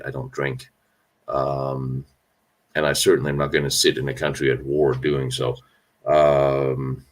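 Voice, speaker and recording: A man hosting a live stream Q&A on battlefield history, talking candidly and rambling, with sarcastic asides and frequent restarts. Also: rumbling low. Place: indoors, traveling on location.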